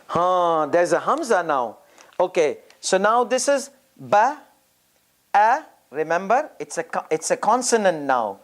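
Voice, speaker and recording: A teacher giving a step-by-step lesson on reading, sounding out syllables one by one and thinking aloud with pauses and restarts. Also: medium pitch, very animated. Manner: drills syllables aloud, repeating each sound slowly.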